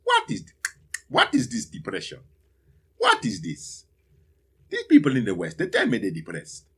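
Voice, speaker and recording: A man's voice: huge pitch swings, moderate pace, creaky, breathy edge, heavily acted. A man doing an impression of an incredulous Sierra Leonean coworker, with a Sierra Leonean accent and an emphatic, raised voice. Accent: Sierra Leonean, as put on. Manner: incredulous, emphatic, high-pitched.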